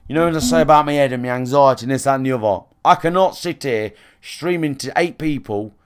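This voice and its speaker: A man's voice: mid-range voice, fast, smooth. A man talks to a small live stream audience from his room. He rambles bluntly and swears freely, circling back with fillers and restarts. He sounds like a man in his thirties speaking into a desk mic. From England. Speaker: game streamer. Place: his own room, alone.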